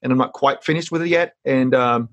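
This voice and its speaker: A man's voice: medium pitch, a little fast, dull audio. A man speaks as a guest in a casual interview. He is earnest and often repeats words while he works out his thoughts. He coaches public speaking.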